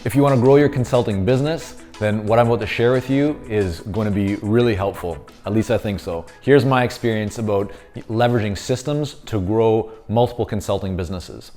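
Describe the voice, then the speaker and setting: Mellow-voiced man coaching consultants. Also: fairly low pitch, a little fast, faint music behind. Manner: conversational, many fillers and restarts; explains while drawing on a board. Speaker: business consultant teaching. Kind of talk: instructional talk to camera.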